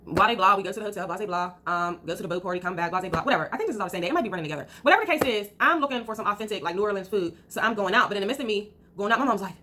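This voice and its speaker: A woman vlogger telling a casual storytime, animated and acting out what people said. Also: medium pitch, racing, hardly any pauses, slight background noise. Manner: animated, acts out quotes, trails off with blah blah.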